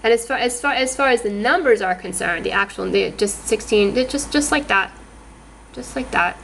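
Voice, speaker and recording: A woman's voice: on the high side, expressive, normal speed, vocal fry, fairly bright tone, a little hiss or hum, low-quality recording. Agitated woman vlogging to camera. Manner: agitated, repeats and restarts words often. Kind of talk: casual monologue to camera.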